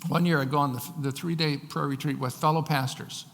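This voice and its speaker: A male pastor preaching a sermon, slowing down to read scripture with emphasis. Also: fairly high pitch, steady tone, fairly bright tone, long reverb tail, slight background noise.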